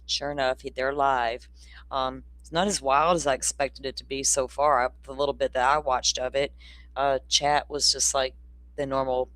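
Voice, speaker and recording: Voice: mid-range voice, level tone, moderate pace, fairly bright tone, dry recording. Rambling livestream host, dry sound. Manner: rambling, chatty, reads out chat comments; loose and informal, with a casual swear. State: hiccups. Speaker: true-crime livestream host. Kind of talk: casual livestream chat.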